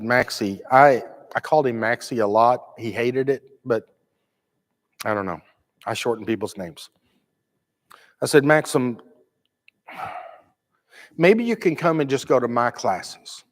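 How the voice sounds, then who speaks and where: A man from the United States preaching a sermon, telling a story with animated delivery and acting out the quotes. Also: mid-range voice, a little slow, long pauses. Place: church. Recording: long reverb of a church hall.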